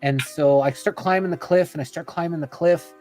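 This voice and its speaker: A man's voice: on the high side, fairly even intonation, fairly quick, darkish tone, soft background music. A man on a podcast telling a long personal story in a chatty, rambling way, full of "you know" and "like," acting out what people said. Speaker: podcast guest.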